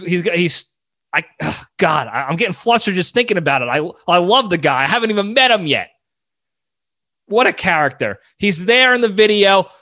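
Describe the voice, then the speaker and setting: A man hosting a solo podcast who rambles in an animated way, often cutting himself off mid-thought. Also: high-pitched. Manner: rambling, animated, self-interrupting. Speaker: podcast host.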